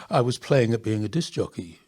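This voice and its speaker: Husky guy, ex pirate dj, reminiscing, voice jumping all over, drops to a hush sometimes. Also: medium pitch, normal speed. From England. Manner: animated storytelling with laughs, drops to near whisper. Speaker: former pirate radio DJ. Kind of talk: reminiscing interview.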